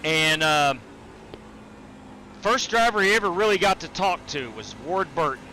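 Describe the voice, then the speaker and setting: Bright-voiced male sim racing streamer. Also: on the high side, lively intonation, unhurried, a little hiss or hum. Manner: chatty, greets chat viewers while driving; frequent fillers and restarts. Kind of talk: casual live-stream commentary.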